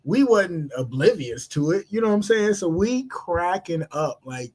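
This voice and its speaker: A man from Cleveland co-hosting a podcast, telling a story in a casual, animated way and acting out the voices in it. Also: high-pitched, moderate pace. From Cleveland, Ohio. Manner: animated, laughing, acts out voices in his stories. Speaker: podcast co-host.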